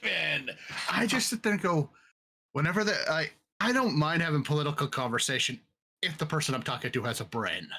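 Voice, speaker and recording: A man's voice: on the high side, animated, fairly quick, sharp tone, a little hiss or hum. A man co-hosting a podcast, teasing his friend and laughing often in casual chat. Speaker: podcast co-host.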